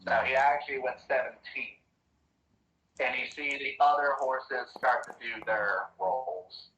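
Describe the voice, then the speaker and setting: A man's voice: mid-range voice, fairly even intonation, unhurried, pushed and bright, reverberant, distant mic, dull audio, slight background noise. A man acting as dungeon master in an online tabletop game, tracking bets and dice rolls aloud with casual asides.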